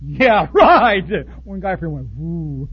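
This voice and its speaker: A man preaching with a high, husky voice, blunt and folksy. He jumps from loud outbursts to quiet asides. The recording sounds dull and lo-fi. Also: big pitch swings, slow pace. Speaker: pastor. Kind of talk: sermon.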